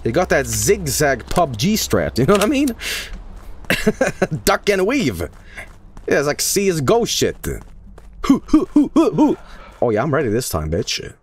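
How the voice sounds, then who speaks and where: Excitable swearing male streamer. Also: fairly high pitch, moderate pace, breathy edge. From Sweden. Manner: excitable, profane, yells and laughs at the game. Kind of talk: live gameplay commentary.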